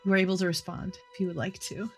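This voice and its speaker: A woman's voice: fairly low pitch, little pitch movement, quick pace, faint music behind. A woman playing in a tabletop game, talking casually and narrating events. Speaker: player.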